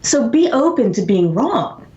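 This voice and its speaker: A woman being interviewed as an author, telling stories in an animated way and acting out quoted voices. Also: a little high, a little slow. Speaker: author and guest. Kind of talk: conversational interview storytelling. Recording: echoey, dull lo-fi sound.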